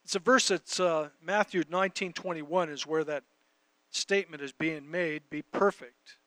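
A man's voice: a little high, moderate pace, fairly bright tone, no room sound. A man preaching a conversational sermon, reading scripture and talking directly to his audience. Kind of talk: sermon teaching.

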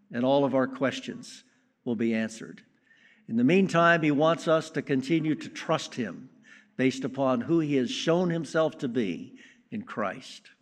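A man preaching a sermon in a slow, deliberate way with strong emphasis on key words. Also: medium pitch. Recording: long reverb of a large hall.

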